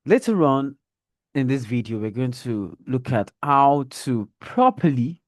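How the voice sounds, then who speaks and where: A man teaching a reading lesson for young children, explaining slowly and demonstrating intonation as he reads aloud. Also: mid-range voice, animated, dry recording, studio quality.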